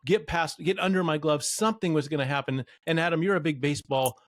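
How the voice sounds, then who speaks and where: Higher-voiced man co-host, dry close sound. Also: quick pace, no room sound. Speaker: podcast co-host. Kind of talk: casual chat.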